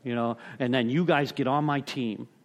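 Middle-aged guy sharing at a meeting, rambly, lots of you know, bit of swearing, medium-pitched voice. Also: steady tone, normal speed. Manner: rambling, full of "you know" and restarts, salty language. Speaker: recovery meeting speaker. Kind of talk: casual storytelling share.

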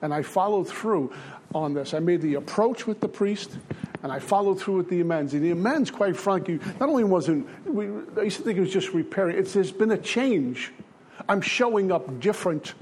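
A man's voice: sits high, animated, normal speed, a little mellow, slight background noise. An older man giving an earnest, repetitive personal testimony as a speaker at a recovery meeting.

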